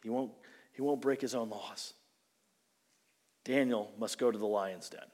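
A male pastor preaching a sermon, retelling the story with animated, dramatic delivery and acted-out quotes. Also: on the low side, a little slow. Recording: long reverb of a large hall.

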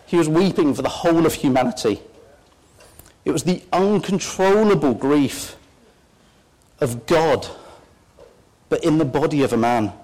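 A man's voice: a little high, measured pace, pauses often, darkish tone, poor audio. A man preaching a sermon in an earnest, heartfelt way.

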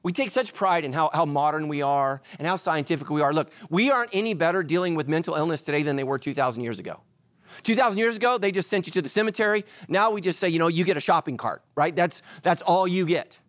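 A male pastor delivers a sermon in a fairly high voice that rises and falls in wide, lively swings. He pushes some lines out loud and drops others to a hush. The sound is dry and close, with no room echo. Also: fast talker. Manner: animated preaching, swings between loud and hushed.

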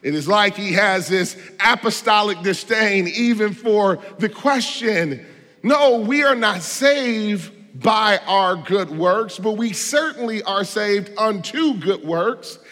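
A man's voice: high voice, expressive, slow pace. Preaching man with a raised, ringing voice. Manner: emphatic, rhetorical questions, swings between loud and soft. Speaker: pastor. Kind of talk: sermon. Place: church sanctuary. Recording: long hall reverb.

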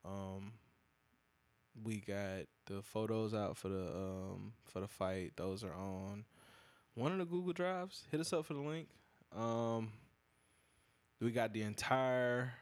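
A young adult man, hosting a podcast and telling a casual, profane story, acting out other people's lines with big jumps in his voice. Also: clean tone. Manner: animated, profane, acts out quoted lines with big pitch jumps. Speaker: podcast host.

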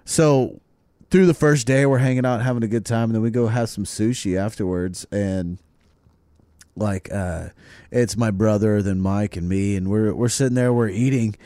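A man's voice: lowish voice, fairly even intonation, normal speed, warm tone, no echo. A man in casual podcast chat, telling a story with swearing and acting out the lines of other people.

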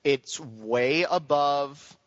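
A man co-hosting a casual gaming podcast, joking and ranting in an animated, exasperated way. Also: fairly high pitch, very slow, dry recording. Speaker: podcast co-host. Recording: dull lo-fi sound, dry.

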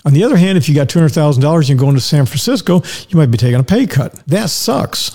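A man's voice: on the high side, expressive, fast talker, background noise. An older man hosting his own podcast, talking casually and folksily, piling up rhetorical questions and anecdotes from a home studio. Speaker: podcast host. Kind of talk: casual monologue.

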